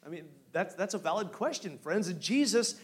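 High-voiced preaching man, hushed to rousing. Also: lively intonation, normal speed. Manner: swings from hushed storytelling to loud, rising exhortation; guides listeners with direct questions. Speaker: pastor. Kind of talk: sermon.

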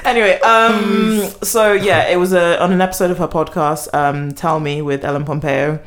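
A woman's voice: on the low side, steady tone, normal speed, noisy background. Giggly chatty woman podcaster. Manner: giggly, chatty, full of fillers. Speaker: podcast co-host. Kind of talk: casual chat.

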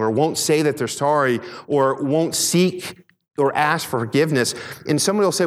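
Earnest preaching man in reverberant church. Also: on the high side. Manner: earnest preaching with frequent restarts and repeated words. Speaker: pastor. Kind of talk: sermon.

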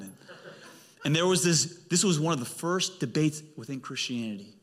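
Guy pastor preaching, kinda high voice, lots of punch, echoey church hall. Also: animated, brisk, a bit bright, breathy edge. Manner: emphatic preaching with big pitch swings. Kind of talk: sermon. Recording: long hall reverb.

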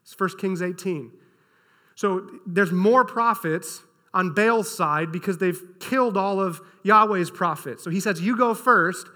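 Male pastor, high bright voice, lively casual storyteller; hall reverb. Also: a little slow. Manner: energetic storytelling, casual and animated. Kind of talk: sermon.

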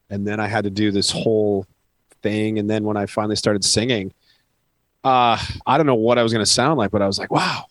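A man with a lowish voice tells stories in a relaxed interview. He jokes at his own expense and keeps things casual. The sound is dry and close. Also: no room sound. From Canada. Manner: joking, self-deprecating storyteller. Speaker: band vocalist, guest.

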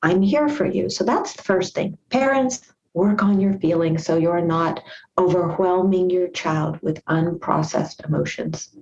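A woman's voice: lowish voice, a little slow, a little mellow, lo-fi sound. A woman speaking as a parenting guest expert on a podcast, earnest and repeating her key points for emphasis. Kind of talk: podcast interview.

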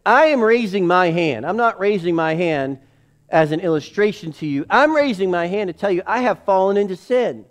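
A middle-aged male pastor preaching a sermon to his church, building to emphatic calls and dropping into hushed asides. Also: expressive, normal speed. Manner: preaching with emphatic rises, drops to low acted inner voices.

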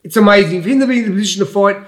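A high-voiced Australian man in his sixties talks bluntly and loosely in a casual interview. He rambles from point to point and calls everyone "mate". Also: very fast. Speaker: former boxer, guest pundit.

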